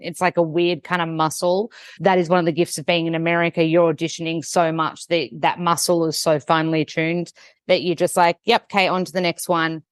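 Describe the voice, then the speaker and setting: A woman's voice: fairly low pitch, clean tone, dry recording, clean studio sound. A woman with an Australian accent, a podcast guest talking in a chatty, casual way, full of "like". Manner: chatty, peppered with "like".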